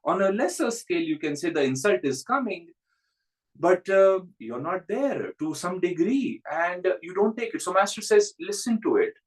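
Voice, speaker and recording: A man's voice: high-pitched, big pitch swings, moderate pace, low-quality recording. A man who is a spiritual teacher, giving a reflective spiritual talk and telling stories with frequent chuckles.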